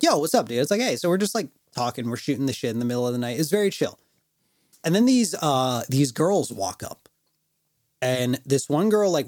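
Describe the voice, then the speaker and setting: A man's voice: mid-range voice, darkish tone, no room sound, studio quality. A man co-hosting a podcast, telling a story in casual chat, swearing, laughing and acting out other people's lines. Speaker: podcast co-host.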